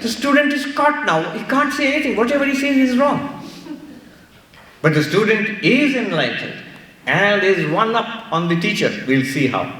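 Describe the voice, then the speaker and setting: Indian man lecturing in an echoey hall. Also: high-pitched. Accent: Indian English. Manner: animated storytelling with playful asides. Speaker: monk giving a spiritual talk. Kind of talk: sermon-style lecture. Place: large hall. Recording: echoey hall, mic far off.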